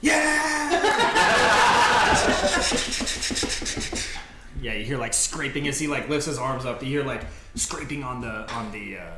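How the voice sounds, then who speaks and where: A man's voice: medium pitch, brisk. A man narrating as game master, rambling with many fillers. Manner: rambling, lots of fillers and laughs. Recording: echoey room with faint noise.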